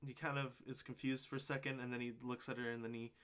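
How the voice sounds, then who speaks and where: Male game master, mid-pitched, hesitant narration full of fillers. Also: level tone, fast, a bit bright, a little hiss or hum. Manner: hesitant, lots of ums and uhs.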